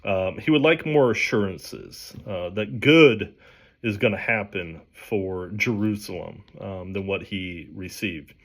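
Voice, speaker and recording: A man teaching from the Bible in a relaxed, conversational way, often restarting his sentences. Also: on the low side, slow pace. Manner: conversational, with frequent restarts and fillers. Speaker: pastor.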